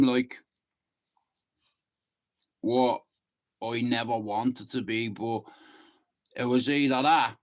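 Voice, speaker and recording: Here an Irish man of about fifty hosts his channel, talking at a medium pitch. The delivery is an informal, emphatic solo talk, loaded with profanity and frequent checks that the point is landing.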